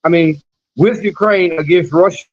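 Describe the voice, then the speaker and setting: Man, high voice, stream host, mocking rant, reads news aloud, dull lo-fi audio. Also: normal speed. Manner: loose, mocking rant with chuckles and restarts. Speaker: livestream news commentator. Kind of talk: live-stream commentary, reading news aloud.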